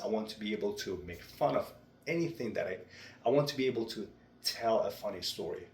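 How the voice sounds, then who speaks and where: A young man talking through his speaking practice in a vlog, with a deliberate, measured delivery. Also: lowish voice. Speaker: vlogger. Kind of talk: reflective speech-practice vlog. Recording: roomy echo.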